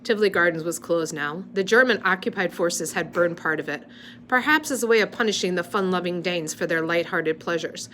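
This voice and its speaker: A woman's voice: lowish voice, a little fast, fairly bright tone, a little hiss or hum. A woman reading a novel aloud in an unpolished, amateur way, stopping now and then to correct her slips. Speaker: reader.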